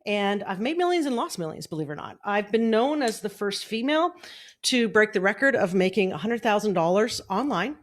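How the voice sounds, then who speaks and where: A woman's voice: mid-range voice, big pitch swings, a little fast. A middle-aged woman coaching online business on a casual live stream, chatty and upbeat while fiddling with her setup at home. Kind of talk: casual Facebook Live training. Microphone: desk mic, moved around during the stream.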